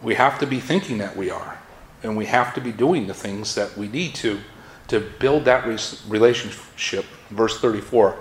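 A man's voice: lowish voice, moderate pace. A man with a Massachusetts accent preaching a sermon in an earnest manner, his voice lifting in force when he reads scripture aloud. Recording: roomy echo.

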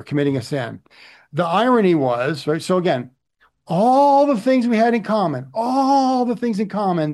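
This middle-aged pastor's sermon is conversational and peppered with "right?" check-ins. His voice is fairly high-pitched with a darkish tone.

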